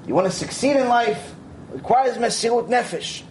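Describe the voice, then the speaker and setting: A man teaching a Torah lecture, telling stories in an animated way and sprinkling in Hebrew terms and "you know". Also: very high-pitched, normal speed, a little hiss or hum, low-quality recording. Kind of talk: lecture with storytelling.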